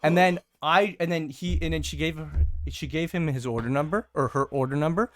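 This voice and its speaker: A podcast host telling a story in a casual, animated way, cursing freely and acting out the people involved, with frequent stammered restarts. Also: medium pitch, brisk, no room sound, clean studio sound.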